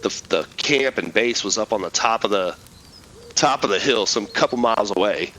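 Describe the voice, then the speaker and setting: A middle-aged man with a lowish, forceful voice tells a war story in loose, profane talk. He rambles and restarts as he goes, and a faint noise sits under him. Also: expressive, normal speed, rough recording. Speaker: podcast guest, military veteran. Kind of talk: casual storytelling.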